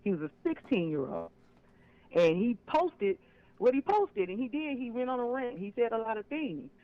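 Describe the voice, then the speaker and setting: A man with a notably high voice calls in over a dull, lo-fi phone line. He tells his story emphatically and with a clear sense of grievance, pressing each point home. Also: big pitch swings, moderate pace, no echo. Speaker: caller. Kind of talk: phone-in call on a live stream.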